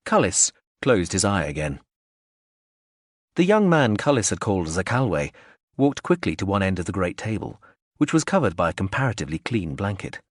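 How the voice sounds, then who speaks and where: Deep-voiced and measured, a man narrates a science-fiction audiobook from a script, giving the story an expressive touch. There's no echo, just clean studio audio.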